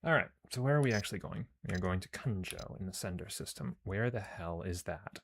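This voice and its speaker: A man with a very low voice streams a space game. He jokes and swears to himself while reading the story text aloud in a loose, casual way. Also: expressive, fairly quick, a bit bright, husky. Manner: joking, profane, talks to himself.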